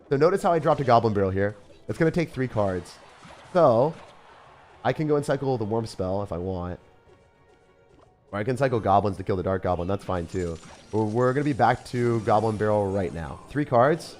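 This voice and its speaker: A low-pitched man giving live gameplay commentary, his voice swinging widely between mutters and excited yelps. He chats with his viewers as he plays, quick to react. Faint music plays underneath. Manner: animated, excitable, talks to chat. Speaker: gaming streamer.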